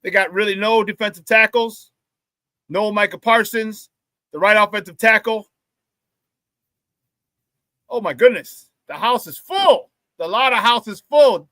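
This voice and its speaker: A man hosting a live morning sports talk show, loud and playful, hyping up his audience with shout-outs. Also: high-pitched, a little slow, dry recording.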